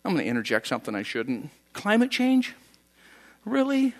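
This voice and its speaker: A man's voice: high-pitched, huge pitch swings, moderate pace. A man preaching a conversational sermon, telling the story in a folksy way with chatty asides. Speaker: pastor.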